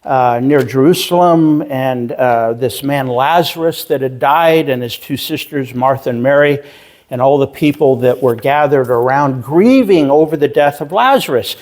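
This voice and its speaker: A male pastor preaching a sermon, telling a story slowly with halting pauses and self-deprecating humor. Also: a little high. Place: church sanctuary.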